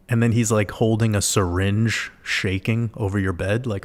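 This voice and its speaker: A man's voice: fairly low pitch, steady tone, normal speed, hardly any pauses. A man hosting a livestream, talking casually and animatedly to his viewers, swearing and firing off rhetorical questions. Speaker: livestream host.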